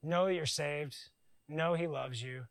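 A man preaching a conversational sermon, joking and animated, with silly voices in his asides. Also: a little high, a little slow, vocal fry, clean tone, no room sound, rough recording. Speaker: pastor.

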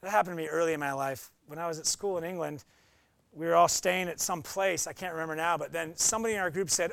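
A man's voice: on the high side, fast talker, creaky, fairly bright tone, dry recording. A young adult man preaching a conversational sermon as pastor, often acting out quoted voices.

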